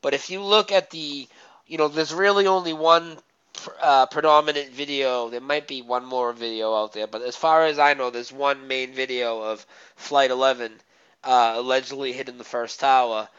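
A man talking as a guest in a casual chat, animated and rambling, often laughing mid-sentence. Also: medium pitch, normal speed, smooth. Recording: muffled lo-fi audio.

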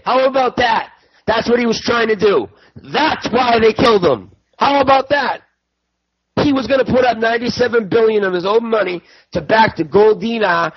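A man's voice: sits high, breathy edge, no echo, lo-fi sound. A man ranting angrily to his viewers about politics, swearing and repeating himself. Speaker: political commentator.

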